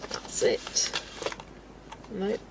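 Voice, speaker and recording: A woman's voice: extremely slow, a little hiss or hum, low-quality recording. A woman from England's West Country, chatting casually and laughing often as she reads out viewer comments while colouring on a livestream. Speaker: livestream host.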